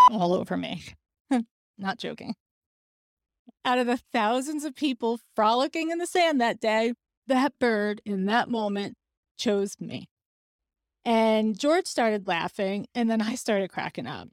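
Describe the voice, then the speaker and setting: A woman's voice: medium pitch, no echo, clean studio sound. A woman, hosting a podcast and telling a personal story in a candid, conversational way. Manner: candid, conversational, laughs now and then. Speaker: podcast host.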